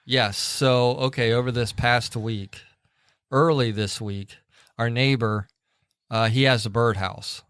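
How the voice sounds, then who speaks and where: Animated storytelling man on a podcast. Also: medium pitch, takes it slowly, smooth, no echo. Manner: animated storyteller, acts out quoted voices, laughs through stories. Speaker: podcast co-host. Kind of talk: casual chat.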